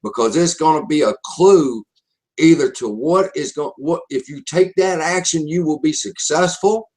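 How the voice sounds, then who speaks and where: A man's voice: a little high, normal speed, darkish tone. A man with a Southern US accent presenting a live online marketing webinar, speaking emphatically and repeating his key phrases.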